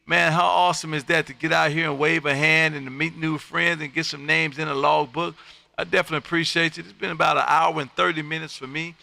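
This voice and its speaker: A man from Texas, hosting a live-streamed ham radio session and working contacts in a loud, upbeat, friendly way. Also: fairly high pitch, little pitch movement, quick pace, vocal fry. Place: home radio room.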